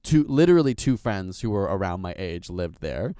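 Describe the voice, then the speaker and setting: A man from Canada, chatting casually and telling a story in an animated way, using "like" a lot. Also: low-pitched, moderate pace, clear, resonant tone, dry recording, clean studio sound. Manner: animated storyteller, heavy use of "like". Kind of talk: casual chat.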